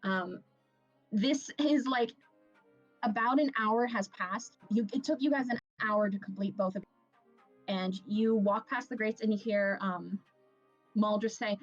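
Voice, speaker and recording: A woman's voice: mid-range voice, unhurried, muffled recording, faint music behind. A woman acting as game master, narrating a tabletop game in a casual, chatty way with many fillers. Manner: casual, laughing, full of fillers.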